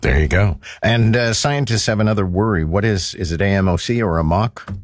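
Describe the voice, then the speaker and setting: A man's voice: on the low side, brisk, no room sound, clean studio sound. A man hosting a talk radio show, conversational with wry asides.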